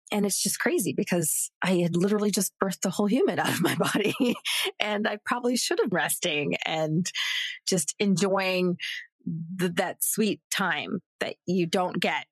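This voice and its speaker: A woman's voice: normal speed, dry recording. A woman in her thirties tells a casual podcast story, her voice leaping up when she acts out the people in it. She sounds dry and close to the mic, with no room around her. The tone stays chatty and unscripted. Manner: animated, acts out quoted voices with big pitch jumps. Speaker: actress guest.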